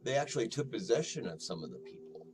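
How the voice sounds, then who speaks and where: A man's voice: mid-range voice, very animated, quick pace, background noise. A man co-hosting a casual podcast, dry and argumentative as he corrects his co-host. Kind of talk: casual chat.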